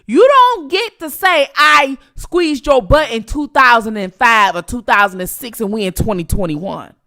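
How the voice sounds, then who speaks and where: Female channel host, blunt and teasing live commentary; fry-edged voice, pitch on the higher side. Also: animated, normal speed, pushed and bright. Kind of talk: live-stream commentary talking to viewers.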